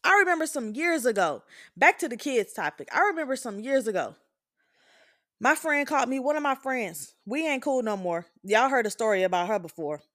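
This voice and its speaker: A woman's voice: on the high side, big pitch swings, brisk, a bit bright. A woman in her twenties hosting a show, giving a candid, blunt and profane opinion monologue. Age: 20s. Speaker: podcast host.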